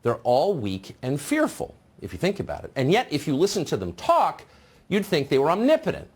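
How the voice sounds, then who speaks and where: A man hosting a television news show, delivering a sarcastic, mocking opinion monologue in a husky voice. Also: on the high side, huge pitch swings, brisk.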